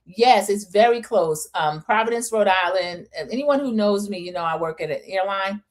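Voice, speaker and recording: A woman with a mid-range voice and moderate pace hosts a casual, opinionated reality TV recap. She's chatty and animated as she acts out what the cast members said.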